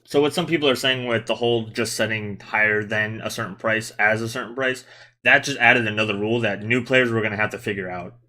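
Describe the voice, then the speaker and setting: A man with a low-pitched but bright, forceful voice runs a loose gaming podcast. He talks at length, laying out rules and ribbing his co-hosts. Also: fairly even intonation, a little fast. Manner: chatty, explains rules at length, teasing. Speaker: podcast host. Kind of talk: casual gaming podcast chat.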